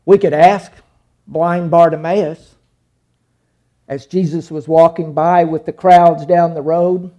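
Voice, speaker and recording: A middle-aged man preaching a sermon, dramatic, swinging from hushed lines to sudden loud cries as he acts out scenes. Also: fairly high pitch, fairly even intonation, slow, dull audio.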